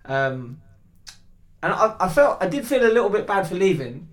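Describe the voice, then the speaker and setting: Animated man telling a story. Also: high-pitched, normal speed. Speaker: podcast guest. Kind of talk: casual storytelling chat.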